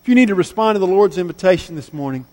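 High-voiced earnest preacher in a reverberant church. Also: male voice, animated, very fast. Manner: earnest, emphatic, repeats key phrases, trails to quiet endings. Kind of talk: sermon. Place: church sanctuary. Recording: long reverb of a church hall.

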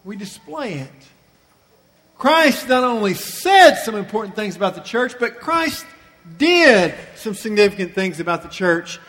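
A pastor preaching a sermon with emphatic, slowly stressed phrases and rhetorical questions. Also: male voice, high voice, big pitch swings, a bit bright, big-room sound.

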